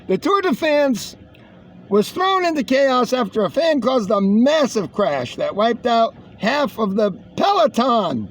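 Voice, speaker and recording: Host, male, high gravelly voice, rambling and profane, casual commentary. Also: very animated, measured pace, hardly any pauses. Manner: rambling, joking and swearing. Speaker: show host.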